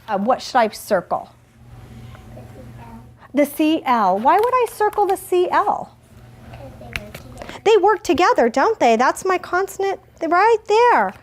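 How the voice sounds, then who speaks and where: Woman, first grade teacher, high voice, slow deliberate modeling, gently questioning. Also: sing-song. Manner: slow, exaggerated word modeling. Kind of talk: classroom phonics lesson.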